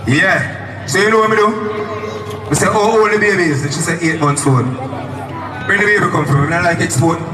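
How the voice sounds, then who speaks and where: A man speaking Jamaican patois, a street performer animatedly telling a story and calling out to the crowd. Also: high voice. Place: outdoors on a busy street. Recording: distant echoey outdoor recording. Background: loud crowd and traffic.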